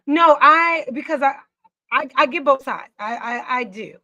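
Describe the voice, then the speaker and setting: Woman guest, fairly high bright voice, hesitant measured chat. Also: dull audio. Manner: hesitant, measured, restarts often. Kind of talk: casual chat.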